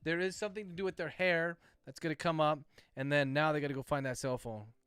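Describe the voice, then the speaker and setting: A man's voice: a little high, steady tone, fast, fairly bright tone, clean tone, dry recording, studio quality. A man who writes novels, dictating his book aloud with the punctuation spoken and chatting casually with livestream viewers, swearing freely. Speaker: author and livestream host.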